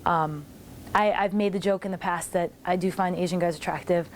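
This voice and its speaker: A woman in her forties telling casual stories about her wrestling career, animated and acting out what others said. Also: fairly low pitch, moderate pace, slight background noise. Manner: animated, acts out others' lines in quotes. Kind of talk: casual storytelling commentary.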